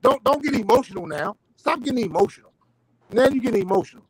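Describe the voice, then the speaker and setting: A man's voice: very high-pitched, lively intonation, fast talker, a little mellow, breathy edge, dry recording, poor audio. A middle-aged man in a heated boxing debate over a voice call, insistent, repeating his questions and swearing. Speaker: panel debater. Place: online voice call.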